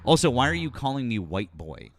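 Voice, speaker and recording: A man's voice: medium pitch, big pitch swings, brisk, gravelly, a little hiss or hum. A man hosting a live political call-in stream, talking bluntly and cursing freely. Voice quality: blunt, profane, exasperated. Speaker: host.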